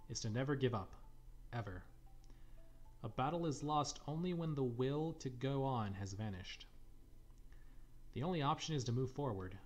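A man reading the lines of a weary old ship captain in a fan game, giving slow, earnest advice. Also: medium pitch, natural voice.

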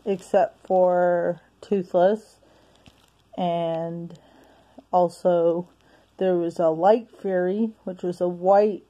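A woman's voice: lowish voice, fairly even intonation, very slow, mellow, highs cut off. A woman reviewing a movie in a casual home video, talking hesitantly with many restarts and sounding out of breath.

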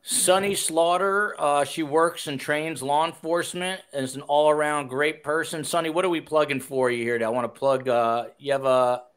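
Male podcast host from New Jersey, clear voice, casual and self-deprecating. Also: fairly high pitch, steady tone, normal speed, hardly any pauses, a bit bright. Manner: chatty, self-deprecating, reads questions aloud. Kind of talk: casual chat, reading listener questions.

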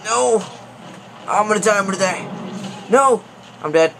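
Young male gamer, higher voice, slow delivery, panicky outbursts, noisy background. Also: gravelly. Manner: excitable, panicky pleading and yelling at the game. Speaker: gaming video host. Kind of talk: gameplay commentary.

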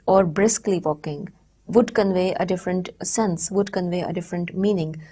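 A woman giving a recorded university lecture, explaining step by step in a measured way with frequent pauses. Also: mid-range voice, a little mellow, husky.

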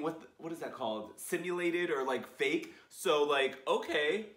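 A man hosting a music video reaction vlog, talking in a profane, flamboyant and excitable way. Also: fairly high pitch, measured pace, hardly any pauses. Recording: roomy echo with music playing.

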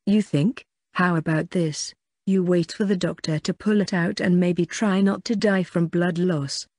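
A woman voicing a young adult man, a patient but scolding older brother, in an audiobook, speaking in a measured, chiding way. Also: fairly low pitch, steady tone, a little mellow, dry recording, clean studio sound. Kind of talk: audiobook character reading.

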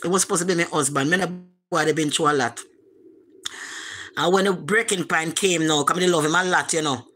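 A woman's voice: low-pitched, fairly quick, a bit bright. A woman with a Jamaican accent telling a rambling personal story in patois, repeating words for emphasis. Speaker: vlogger.

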